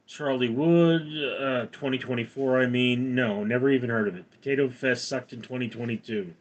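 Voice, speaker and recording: Speaking at normal speed with hardly any pauses, this medium-pitched man in his forties runs a live stream. He rambles, reading out comments from viewers and answering each one.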